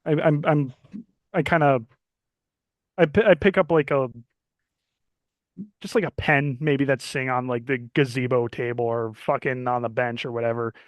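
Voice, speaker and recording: A man playing in a tabletop role-playing game, talking in a calm, laid-back and slightly halting way. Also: mid-range voice, no echo. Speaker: player. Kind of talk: in-character tabletop role-play.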